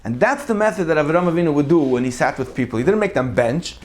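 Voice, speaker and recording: A man delivers a sermon as a storyteller. His voice climbs and falls sharply as he acts out the people in his stories, then drops low and quiet at the tender moments. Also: quick pace. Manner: animated, acts out quotes with big pitch jumps. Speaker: rabbi giving a Torah class.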